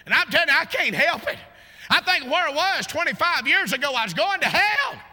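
Preacher guy, folksy and fired up, real sharp tone, big echoey church sound. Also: very high voice, big pitch swings, a little fast. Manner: fervent, folksy, rising to shouts with laughing asides. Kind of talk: sermon. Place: church sanctuary. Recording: long church reverb.

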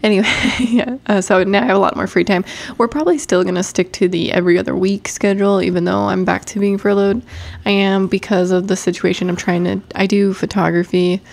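A young woman co-hosts a casual podcast in a gravelly, darkish voice of medium pitch, fairly quick and fairly even in intonation. Her nose sounds stuffed up, and she rambles, cuts herself off, and laughs often.

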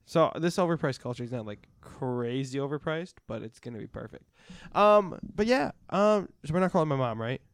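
A man co-hosting a casual podcast chat, playful and quick to laugh, sometimes putting himself down. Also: fairly high pitch, expressive, clear, resonant tone, no echo, clean studio sound. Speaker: podcast co-host.

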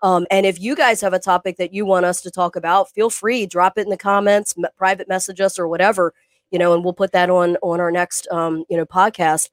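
A woman's voice: lowish voice, steady tone, a little fast, no room sound. A middle-aged woman co-hosting a fitness podcast over a video call, talking casually and earnestly with lots of fillers and restarts.

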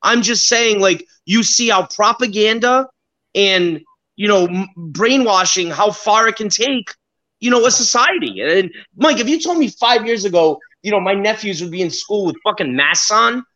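A man in loose, casual chat, pressing his points emphatically and cursing as he goes. His voice sits high and bright. The recording sounds dull and lo-fi. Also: animated, moderate pace. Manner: emphatic, swears freely, restarts.

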